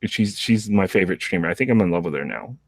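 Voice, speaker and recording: Low-voiced man rambling in chat. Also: expressive, fast talker, breathy edge, no echo. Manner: rambling, many restarts and laughs. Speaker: show host. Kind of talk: casual podcast chat.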